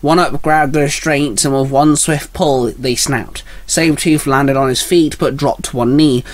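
A man narrating a fan-written action story in a plain, even reading voice. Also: mid-range voice, unhurried, no echo.

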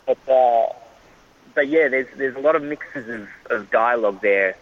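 An Australian actor being interviewed in casual chat, rambling with frequent restarts and fillers. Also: male voice, mid-range voice, normal speed, phone-quality sound. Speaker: actor guest.

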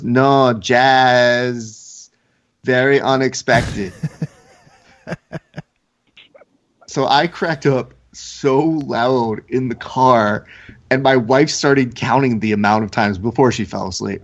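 A man co-hosting a casual podcast, telling stories in a relaxed, laid-back way. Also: medium pitch. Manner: laid-back storyteller, mimics others with a put-on accent. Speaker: podcast co-host. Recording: slightly dull lo-fi audio.

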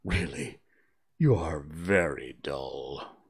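A man voicing a sorrowful, sobbing male Mock Turtle in a storybook reading, slow and breathy. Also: a bass voice, voice pushed down, heavily acted. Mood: mournful.

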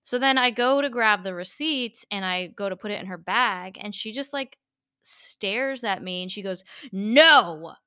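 A woman's voice: medium pitch, moderate pace, sharp tone, smooth, no echo, clean studio sound. A young woman co-hosting a podcast, telling a story in casual chat with lots of fillers. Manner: chatty storyteller, many fillers. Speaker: podcast co-host.

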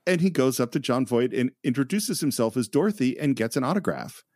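A man co-hosting a casual film commentary podcast, enthusiastic and quick to laugh. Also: medium pitch, expressive, a little mellow, no room sound, clean studio sound. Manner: enthusiastic, laughs often, acts out quotes. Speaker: podcast co-host.

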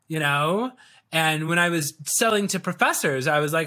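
A man in a relaxed podcast interview, his voice sitting a little high and swinging widely as he acts out little scenes of quoted dialogue. He tells his stories with a playful, chuckling energy. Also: fairly quick. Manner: animated storyteller acting out quoted dialogue. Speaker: sales video coach, guest.

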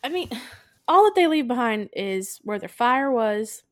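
Podcast co-host, woman, animated chatty recap, slightly high pitch. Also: unhurried, dry recording, studio quality. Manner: animated, acts out characters' lines in quotes. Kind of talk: casual movie recap chat.

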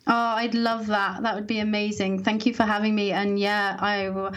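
A woman speaking as a podcast guest, thoughtful and unhurried, with many pauses and fillers. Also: mid-range voice, level tone, a bit bright. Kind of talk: podcast interview.

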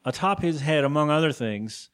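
A man's voice: on the high side, animated, a bit bright. A man co-hosting a podcast, casually recapping a cartoon episode and briefly acting out the characters' lines. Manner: rambling, acts out character lines in quick voices. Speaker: podcast co-host.

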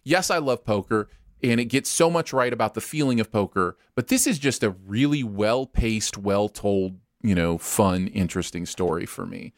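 A man from the American Midwest talks animatedly in casual podcast chat, often restarting his sentences. His voice sits low, and the recording is close and dry. He sounds like a seasoned host. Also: moderate pace, no room sound. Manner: animated, lots of fillers and restarts.

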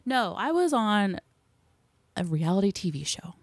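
A woman's voice: medium pitch, big pitch swings, a little slow, dry recording. A young woman, a film crew member chatting in a casual interview, telling stories animatedly with lots of fillers.

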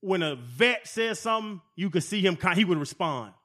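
A man in his forties, a former football player, telling profane, animated stories as a podcast guest. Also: sits high, moderate pace. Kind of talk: casual storytelling.

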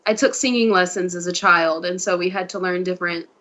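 A woman's voice: fairly low pitch, brisk, sharp tone. Chatty young woman. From Mississippi, USA. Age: 20s. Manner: chatty, playful. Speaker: guest. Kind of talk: casual chat.

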